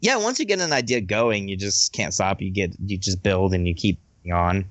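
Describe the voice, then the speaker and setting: A man's voice: low voice, expressive, normal speed, a bit bright, no room sound. A man chatting casually about his tabletop role-playing characters, laughing often and trailing off mid-thought.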